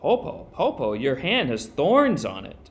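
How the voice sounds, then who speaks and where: A man voicing a clever, quick-witted eldest girl who calls out in a high, bright voice. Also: huge pitch swings. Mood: wary.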